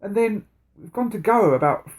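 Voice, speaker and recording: A podcast co-host tells long, rambling stories, swearing freely as he goes. His voice sits a little above the usual male pitch, and the talk is loose and casual. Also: lively intonation, a little fast. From England. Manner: swears a lot, rambling storytelling. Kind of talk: casual chat.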